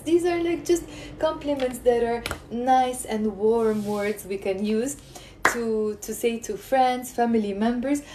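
A woman teaching Arabic live from her phone, lively and coaxing, repeating words for learners to drill. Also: on the high side, slight background noise. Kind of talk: live-streamed language lesson.

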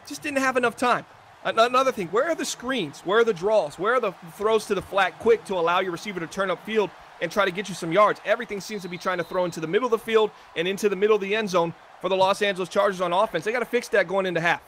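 A man's voice: high voice, fast, a bit bright, a little hiss or hum. A man giving chatty, analytical color commentary on a video game football broadcast. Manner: analytical, chatty, self-deprecating.

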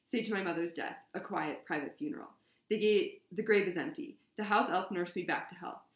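Woman reading as a flat, drugged young man. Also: fairly low pitch, brisk, close to an everyday voice. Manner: flat, expressionless. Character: drugged young man confessing, hollow and numb. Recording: roomy echo.

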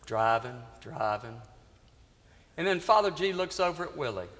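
A man priest preaching a sermon in a church, telling a story earnestly with dramatic pauses. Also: medium pitch, lively intonation, a bit bright. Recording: reverberant church hall.

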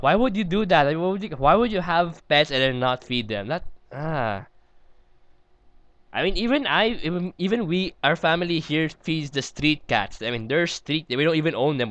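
A man's voice: fairly high pitch, fairly bright tone, no room sound, dull audio. A man hosting a let's play, rambling and giggling through casual gameplay commentary as he talks to himself.

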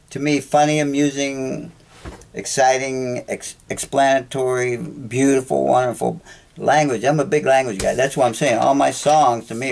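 A man's voice: medium pitch, gravelly, a little mellow. A man hosting his own podcast, talking in a chatty, jokey monologue that wanders and interrupts itself. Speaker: podcast host. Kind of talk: rambling solo monologue.

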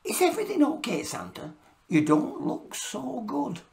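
A woman voicing an eager, cheerful young female elf in a storybook reading, excited and reassuring. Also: a little high, moderate pace, gravelly, pitched above the performer's own voice, heavily acted.

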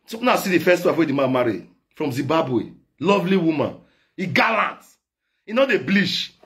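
A man with a Nigerian Pidgin accent, delivering a loud comic rant in chanted, repetitive call-outs. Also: a little high, big pitch swings, normal speed, breathy edge. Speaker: online comedian. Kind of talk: singing and shouting comic rant.

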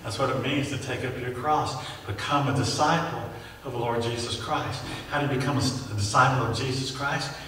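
A man's voice: medium pitch, fairly even intonation, brisk, fairly bright tone, slight background noise. A man preaching a sermon in a church, pressing his points with rhetorical questions and drawing call-and-response from the congregation. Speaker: pastor. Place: church sanctuary. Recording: echoey church hall, mic at a distance.

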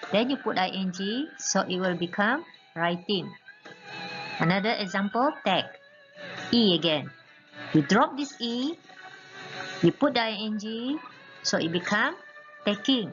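A woman teaches a grammar lesson at an unhurried, deliberate pace, spelling words letter by letter and pausing to check understanding. The recording sounds somewhat muffled and lo-fi, with faint music underneath. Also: medium pitch. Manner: slow, patient, spells out letters, repeats "okay". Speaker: English teacher.

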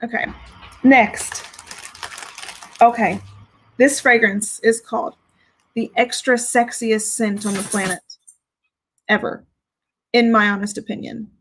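A woman's voice: fairly high pitch, fairly even intonation, slow pace, long pauses, a bit bright, a little hiss or hum, low-quality recording. A woman chatting casually on a live stream as she reviews fragrances, giggling and reading out viewer comments. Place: home with dogs.

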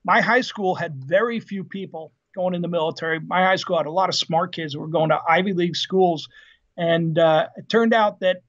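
A retired Marine officer in his fifties, a guest on a podcast, tells anecdotes in a lively, casual interview, full of fillers and laughs. His voice is high for a man and a little fast, and the audio is dull and lo-fi.

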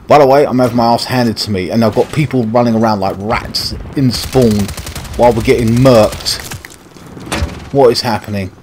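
Over loud video game gunfire and explosions, a gaming channel host with a British accent vents, swearing as he comments on his own gameplay. He speaks in a mid-range voice at a moderate pace, with background noise present.

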